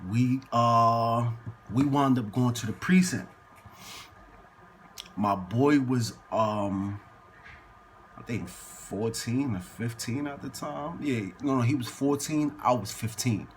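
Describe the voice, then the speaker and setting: A man tells a casual story in slangy, profane street talk, bringing the people in it to life with lively bursts of impersonation. His voice is mid-range and slow-paced, with a little hiss or hum in the background.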